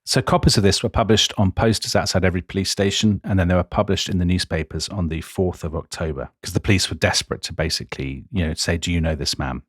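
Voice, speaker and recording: A man with a low, deep voice recounts history for a podcast, emphatic and chatty, throwing in casual asides. The sound is dry and close, with no room around it. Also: fast talker, hardly any pauses, no echo. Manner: lively, emphatic narration with asides. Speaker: podcast co-host. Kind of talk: conversational history storytelling.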